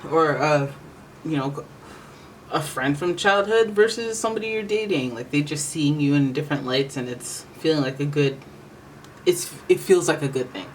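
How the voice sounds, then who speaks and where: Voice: medium pitch, animated, moderate pace, slight background noise, rough recording. A tarot reader giving a casual reading, talking in a rambling, chatty way that keeps correcting itself.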